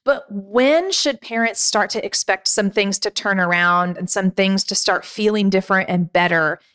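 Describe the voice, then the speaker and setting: A woman hosting a podcast as a sleep coach, animated and talking straight to parents. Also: medium pitch, normal speed, clear, resonant tone. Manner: animated, quotes parents in put-on voices. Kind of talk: podcast conversation.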